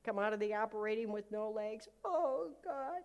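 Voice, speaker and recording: A woman pastor giving a live sermon, telling stories with humor and acting out prayers loudly. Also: mid-range voice, monotone, fast, clear, resonant tone, lo-fi sound.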